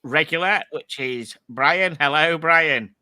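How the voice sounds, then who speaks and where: A man's voice: on the high side, slow, pushed and bright, smooth, no echo, studio quality. A man hosting a casual live stream, chatty and jokey, rambling between guests. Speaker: host.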